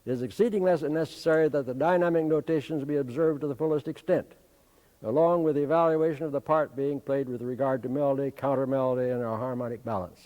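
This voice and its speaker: An older man from the United States, a band conductor, giving a measured, didactic talk and singing syllables to demonstrate. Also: on the high side, darkish tone, in a large hall. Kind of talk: instructional talk.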